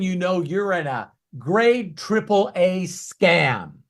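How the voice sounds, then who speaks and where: A man coaching in a Q&A talk, emphatic and ranting, swinging from quiet asides to loud bursts. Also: high voice, sing-song, takes it slowly, few pauses. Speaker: business coach.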